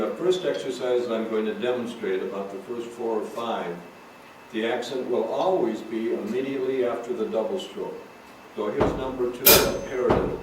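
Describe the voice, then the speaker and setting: A man teaching a drum lesson, calmly explaining rudiments and counting out stickings. He sits well away from the microphone, so his voice rings through a very echoey room. Steady background noise runs under his speech. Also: mid-range voice. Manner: calls out stickings while playing. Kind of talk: recorded drum lesson, talking between demonstrations. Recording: roomy echo, far from mic, noisy.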